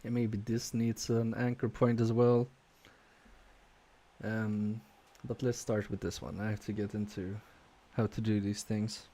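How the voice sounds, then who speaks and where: Male repair streamer, unhurried, mellow tone, hesitant think-aloud delivery. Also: on the low side, flat delivery. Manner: hesitant, self-questioning, trails off with many fillers; quietly focused, mutters while working. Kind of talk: live-stream thinking aloud while soldering.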